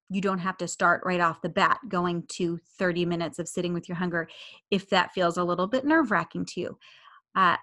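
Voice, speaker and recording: A woman in her thirties hosts a podcast and talks listeners through new habits in a casual coaching monologue. She repeats her main points and slips into quick imitations of her listeners' thoughts. Her voice sits at a middle pitch. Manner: warm coaching tone, repeats key phrases, acts out inner voices.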